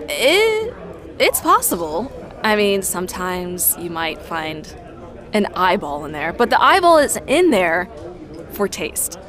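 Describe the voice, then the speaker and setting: A woman's voice: lowish voice, very animated, slow pace, fairly bright tone, exaggerated voice. A woman voicing a shifty, chatty young townswoman in improvised role-play, rambling evasively with nervous bursts. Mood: sly.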